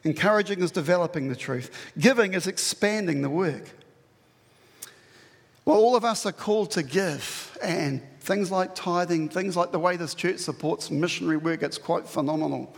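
A man's voice: sits high, moderate pace, vocal fry, in a large hall. A man preaching a sermon to his church, conversational and emphatic, often acting out what people say. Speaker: pastor.

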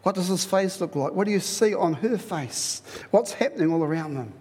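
A man preaching a sermon in a lively, conversational way, repeating phrases for emphasis. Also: high-pitched, moderate pace, slightly rough, long reverb tail. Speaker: pastor.

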